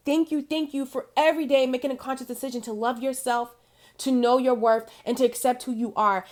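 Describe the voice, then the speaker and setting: A woman, an intuitive spiritual guide, speaking to the camera in a motivational talk, emphatic and encouraging, often repeating her key phrases and laughing as she talks. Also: high-pitched. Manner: laughs often while talking.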